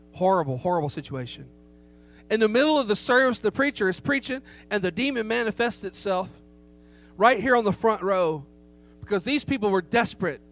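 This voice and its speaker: High-voiced preacher man telling a story. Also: a bit bright. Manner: emphatic, rhetorical questions to the congregation. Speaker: pastor. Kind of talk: sermon with storytelling. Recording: faint hum behind the voice.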